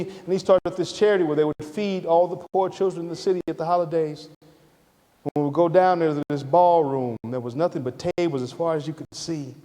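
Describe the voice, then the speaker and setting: Animated man telling a story. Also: fairly high pitch. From Atlanta, Georgia. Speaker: guest lecturer. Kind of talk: personal storytelling lecture. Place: lecture hall. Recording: reverberant lecture hall.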